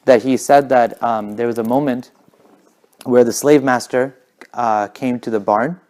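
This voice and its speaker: A man telling stories in a casual talk, talking fast and animated, sometimes dropping to a whisper for effect. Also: on the low side. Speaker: guest speaker.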